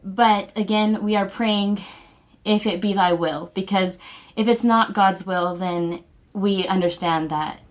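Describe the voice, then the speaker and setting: A woman talks straight to camera in an earnest, heartfelt way, pausing and restarting as she searches for words. Her pitch sits in a middle range, and she speaks as a family vlogger sharing personal news. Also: steady tone. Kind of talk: personal video announcement.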